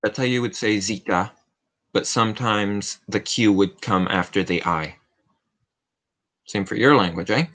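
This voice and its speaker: A man's voice: fairly low pitch, measured pace, long pauses, a bit bright. A man hosting a casual Q&A livestream, rambling and cracking self-mocking jokes. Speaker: livestream host. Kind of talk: casual Q&A stream chat.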